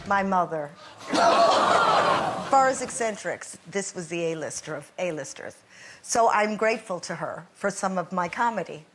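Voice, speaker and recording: A woman guest on a comic panel show, telling funny family stories in an animated, husky voice. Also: mid-range voice, unhurried, very noisy. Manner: animated storyteller.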